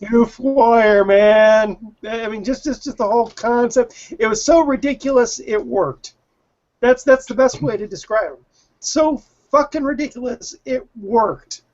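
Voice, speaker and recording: A man's voice: extremely high pitch, a little slow, a little mellow. A man on a podcast panel, chatting casually with enthusiasm and casual swearing. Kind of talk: casual chat. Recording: lo-fi podcast audio.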